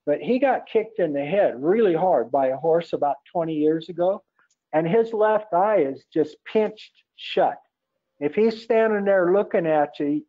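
A man with a somewhat high voice tells a rambling story in a casual interview, acting out the lines he quotes from others. The sound is thin and phone-like, as if it came over a narrow line. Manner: rambling, acts out quoted dialogue. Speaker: portrait photographer interviewee.

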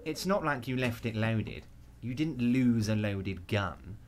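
Smooth-talking scheming union boss, game voice acting, super lively pitch, reassuring and a bit condescending. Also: male voice, slow pace. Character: large, genial, scheming male union boss. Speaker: game character.

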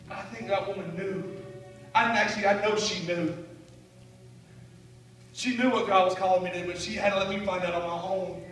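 A male evangelist preaching fervently, swinging from shouted praise to quiet storytelling with laughing asides. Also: high-pitched, steady tone, a little fast, long pauses, faint music behind. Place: church sanctuary. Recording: echoey church hall, mic at a distance.

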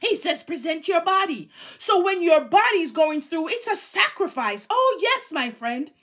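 Fervent high-voiced woman preaching. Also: big pitch swings, unhurried, fairly bright tone. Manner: fervent, exhorting, emphatic repetition. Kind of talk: sermon.

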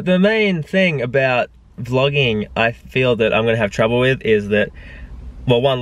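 A man with an Australian accent and a mid-range voice talks casually to a handheld camera in his car, with no room sound. He's a personal trainer vlogging his day for the first time, rambling and cracking jokes at his own expense.

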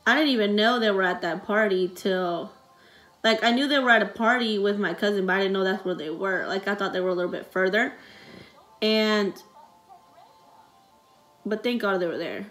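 A woman's voice: mid-range voice, moderate pace, pauses often, fairly bright tone, faint music behind. A young woman vlogging, telling a personal story in a rambling, emotional way with many fillers, close to tears.

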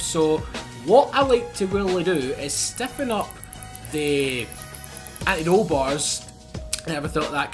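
A young Scottish man with a Scottish accent giving excitable, sweary gameplay commentary while driving a car in a racing game. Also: high-pitched. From Scotland. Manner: excitable, sweary, laughs often. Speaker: gaming YouTuber. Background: game engine and music.

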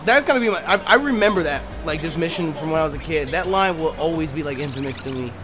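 A gaming streamer giving casual, profane let's-play commentary, yelling in frustration and muttering to themselves between outbursts. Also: medium pitch, expressive, quick pace. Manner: profane, yells in frustration then mutters to self. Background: game music.

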